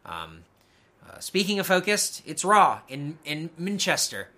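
Man, casual podcast co-host, sarcastic, mocking, swears, bright tone, higher voice. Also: wildly swooping pitch, a little slow. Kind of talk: casual wrestling chat.

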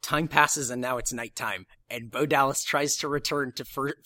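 A man co-hosting a podcast, excitedly recapping a show in casual chat and acting out quoted lines. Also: medium pitch, normal speed. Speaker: podcast co-host.

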